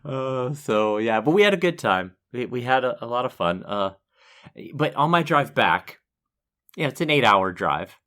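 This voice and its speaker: A man's voice: mid-range voice, animated, moderate pace, bright, forceful tone. A middle-aged man co-hosting a podcast, telling a self-deprecating story in casual chat and laughing often. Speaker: podcast co-host.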